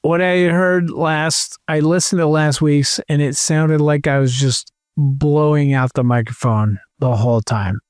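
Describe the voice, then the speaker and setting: A man's voice: on the high side, steady tone, measured pace, hardly any pauses, clean tone, no echo, studio quality. A man co-hosting a casual podcast, joking around and reading out a list of supporter names with playful asides. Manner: jokey, reads name lists with playful asides. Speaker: podcast co-host.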